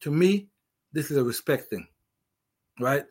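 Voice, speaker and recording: A man's voice: on the high side, expressive, unhurried, slightly rough. A middle-aged man with an accent, a veteran, giving a casual, emphatic opinion monologue with many restarts. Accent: non-native English. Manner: emphatic, repetitive, restarts often. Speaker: veteran commentator.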